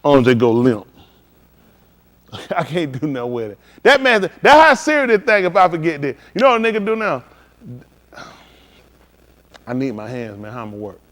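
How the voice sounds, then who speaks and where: A man preaching a live-streamed sermon in loose, slangy street talk, animated and emphatic. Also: on the high side, moderate pace, pauses often.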